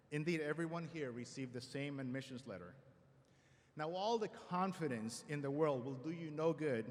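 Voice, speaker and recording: A man giving a formal convocation address at a school ceremony, measured with light self-deprecating humor, speaking at a podium microphone. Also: a little high. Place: large auditorium. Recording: long hall reverb in a large auditorium.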